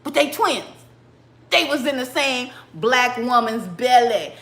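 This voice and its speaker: Animated, high-voiced woman livestream host. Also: measured pace, reverberant. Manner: animated and laughing, breaks into song. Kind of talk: casual retelling of a Bible story.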